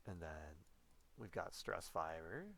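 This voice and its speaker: Playful, gravelly male biology lecturer. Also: sits low, takes it slowly, a bit bright. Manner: playful, rambling, self-correcting. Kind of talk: casual whiteboard lecture.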